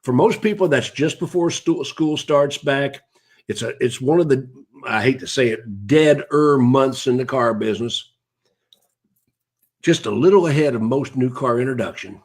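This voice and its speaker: A man's voice: mid-range voice, moderate pace. A man, hosting a live broadcast in a casual, rambling way and greeting viewers by name as he goes.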